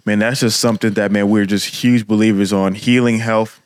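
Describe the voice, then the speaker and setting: A man's voice: fairly low pitch, fairly even intonation, a little fast, clear, resonant tone, no room sound, studio quality. A man co-hosting a podcast, talking earnestly and encouragingly about forgiveness and healing. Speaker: podcast co-host. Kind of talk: casual podcast talk.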